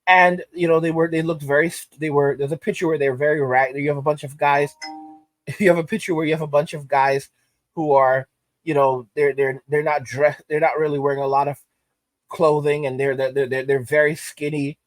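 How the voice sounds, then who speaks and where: A man's voice: a little high, level tone, moderate pace, no echo. A man hosting his channel, delivering emphatic ranting commentary and repeating phrases for weight. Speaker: channel host.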